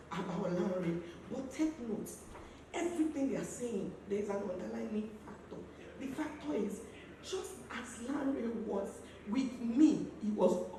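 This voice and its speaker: Woman at a memorial, slightly high voice, heard from afar in a reverberant hall with a crowd around. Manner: impassioned, pleading, swings loud and soft. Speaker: tribute speaker. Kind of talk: emotional tribute speech. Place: event hall. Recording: echoey hall from far off, crowd noise.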